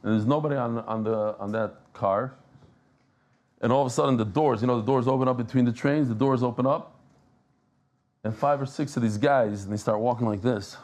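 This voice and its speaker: A man giving a lively Talmud class, telling stories and joking with the people in the room. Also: mid-range voice, brisk. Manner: animated, joking, mixes Yiddish and Hebrew terms. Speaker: daf yomi teacher. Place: class with live audience.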